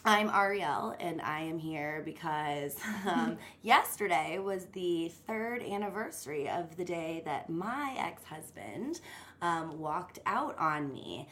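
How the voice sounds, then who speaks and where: A woman in her late twenties, a podcast guest chatting casually with a self-mocking edge and a touch of vocal fry. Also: low-pitched, expressive, slow pace, fairly bright tone, slight background noise. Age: 20s. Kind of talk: casual chat.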